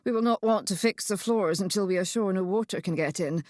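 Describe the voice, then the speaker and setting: A woman voicing a gruff, blunt elder brother with a grumbling, disapproving manner. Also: medium pitch, a little fast, darkish tone, dry recording, clean studio sound, close to an everyday voice.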